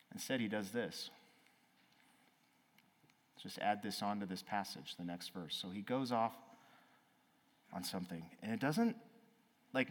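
Animated man preaching in a big hall. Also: lowish voice. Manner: animated, swings from loud exclaiming to quiet. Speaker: pastor. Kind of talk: sermon. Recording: reverberant hall.

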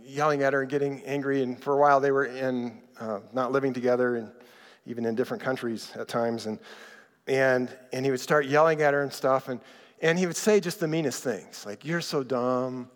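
A man's voice: mid-range voice, a little fast. Conversational male pastor in an echoing hall. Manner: conversational and animated, acting out quotes. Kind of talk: sermon. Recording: reverberant hall.

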